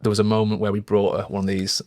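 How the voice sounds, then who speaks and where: A man's voice: fairly low pitch, monotone, fast, a little mellow, no echo, clean studio sound. A young man co-hosting a podcast, telling a parenting story in an earnest, reflective way with lots of fillers. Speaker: podcast co-host. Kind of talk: casual chat.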